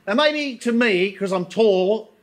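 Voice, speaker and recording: Man, stand-up comic, high voice, dry wry storytelling, faint background noise. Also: slow. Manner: deadpan, wry storytelling with asides. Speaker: stand-up comedian guest. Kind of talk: stand-up comedy routine. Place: on stage before a live audience.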